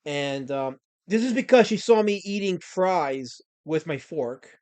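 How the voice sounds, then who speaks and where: A man's voice: on the high side, lively intonation, a little slow, darkish tone, clear, resonant tone, no echo. A man hosting a livestream, talking in a mock-pompous way to his chat, often stammering and repeating himself. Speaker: livestream host.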